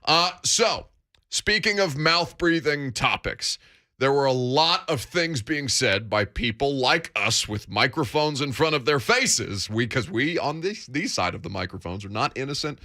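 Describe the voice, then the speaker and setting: Man, sports radio host, bright forceful voice, wry banter. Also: medium pitch, animated, unhurried. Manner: wry, dry jokes.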